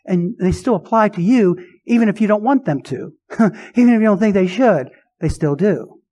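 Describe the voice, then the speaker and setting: High-voiced man preaching emphatically. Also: lively intonation, normal speed, warm tone. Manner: emphatic preaching with rhetorical questions. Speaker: pastor. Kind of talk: sermon.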